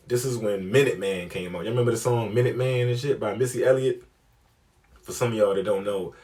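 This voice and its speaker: A young man telling a comic story, profane and animated, acting out the people he quotes. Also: lowish voice. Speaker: comedian. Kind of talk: storytelling comedy.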